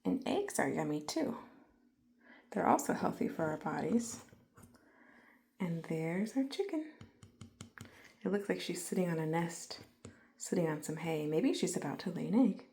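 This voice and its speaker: Slow, soft-spoken woman teaching toddlers. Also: on the low side, lively intonation, gravelly. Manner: gentle, soft-spoken, often half-whispered; playful animal-sound imitations. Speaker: children's educator. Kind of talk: calm lesson for small children.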